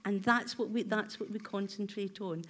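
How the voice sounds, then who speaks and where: A woman's voice: medium pitch, steady tone, moderate pace, fairly bright tone. A woman therapist giving a workshop talk, asking her audience many reflective questions in a conversational way with filler ums.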